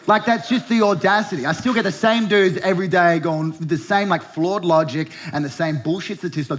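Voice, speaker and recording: Fast, high-voiced and a bit bright, a young Australian man rants through stand-up as a segment host, barely pausing. He's sarcastic and fired up, cursing and imitating blokes in mocking voices over slight background noise.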